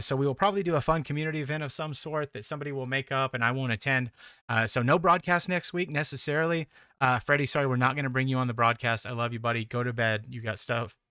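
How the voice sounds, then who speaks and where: A man with a bright, forceful voice hosts a sim racing stream. He rambles through his sign-off with lots of "uh"s and pokes fun at himself. The sound is dry and close. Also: mid-range voice, no echo. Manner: rambling, self-deprecating, filler-heavy. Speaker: sim racing broadcast host. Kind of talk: casual closing commentary.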